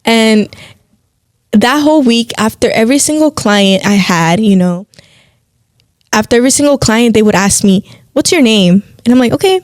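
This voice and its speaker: A podcast co-host with a fairly high-pitched voice shares a faith testimony in casual conversation at a normal pace. She tells it as an animated storyteller, acting out the voices of the people she quotes. The studio sound is clean, with no room sound.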